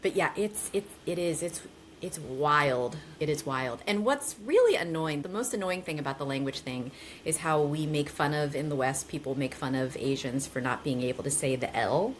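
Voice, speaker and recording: A woman from the United States, a podcast guest, talking in a casual, reflective way with animated emphasis. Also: sits low, moderate pace, slight background noise.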